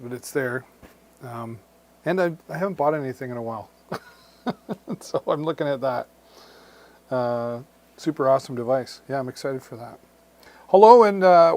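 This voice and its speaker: A man hosting a live deals stream, friendly and rambling, with many restarts. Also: a little high.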